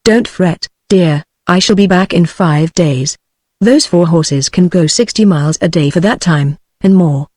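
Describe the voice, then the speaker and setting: A synthetic woman reading a steady English officer. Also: lowish voice, measured pace, no room sound, clean studio sound. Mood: reassuring. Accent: British English. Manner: reassuring, practical.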